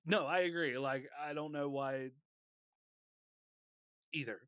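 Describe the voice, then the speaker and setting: A man's voice: a little high, slow pace, a bit bright, clear, resonant tone, no echo. A man co-hosting a casual podcast chat, joking and laughing often. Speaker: podcast co-host.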